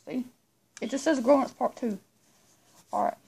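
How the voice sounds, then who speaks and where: A woman's voice: fairly high pitch, moderate pace, gravelly, a little mellow, breathy edge. A woman vlogger chatting casually to her viewers, rambling and repeating herself as she talks. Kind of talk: casual vlog chat to viewers.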